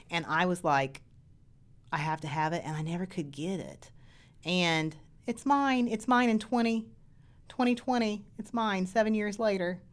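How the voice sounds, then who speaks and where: A woman hosting a casual live chat, excited and gushing. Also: on the low side. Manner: gushing, excited, laughs easily. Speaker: host.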